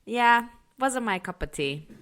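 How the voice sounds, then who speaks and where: A woman's voice: fairly high pitch, animated, fairly bright tone. Chatty laughing woman podcast co-host. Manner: chatty, laughs often, quick asides. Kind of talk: casual chat.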